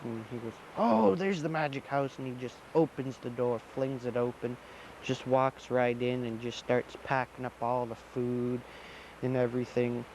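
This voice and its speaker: A man's voice: medium pitch, slight background noise, low-quality recording. A man from Alaska telling a traditional folk tale in a loose, repetitive, conversational way. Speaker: storyteller.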